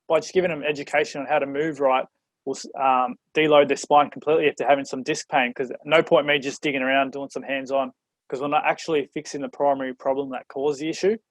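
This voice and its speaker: A man's voice: medium pitch, steady tone, quick pace, no room sound, rough recording. Dry-miked man hosting. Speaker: podcast host. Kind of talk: casual podcast chat.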